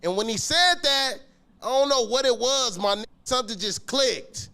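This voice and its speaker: A man telling a story about his school days in a casual, slangy, animated way, swearing often and acting out the scenes. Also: very high-pitched, moderate pace, clean tone. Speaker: podcast guest telling a story.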